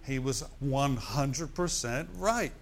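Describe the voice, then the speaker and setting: A man's voice: mid-range voice, slow pace. A middle-aged man preaching a sermon, with "amen" and "hallelujah" thrown in to the congregation. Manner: preaching with call-and-response asides. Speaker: pastor.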